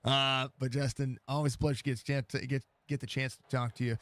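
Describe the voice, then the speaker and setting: A man's voice: medium pitch, flat delivery, a little fast, a bit bright, dry recording. A man hosting post-race interviews in casual talk, laid-back and rambling, laughing often, on a headset mic. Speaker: race broadcast host.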